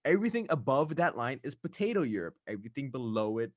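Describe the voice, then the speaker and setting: A young man hosting a podcast in casual chat, ranting animatedly with quick asides. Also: mid-range voice, big pitch swings, no room sound, clean studio sound. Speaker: podcast host.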